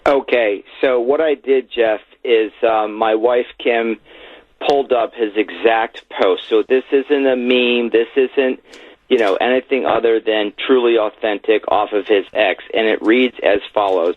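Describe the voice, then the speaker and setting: Caller, man from Florida, mid-pitched voice, thin phone-line sound, dry. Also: expressive, no room sound. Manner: measured, reads a post aloud. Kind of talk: call-in radio talk. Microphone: telephone.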